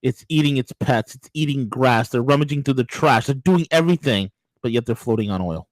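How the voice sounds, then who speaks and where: A man co-hosting a political talk show, telling stories in a mocking, crude, animated way. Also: mid-range voice, fairly quick, no room sound, poor audio. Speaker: co-host.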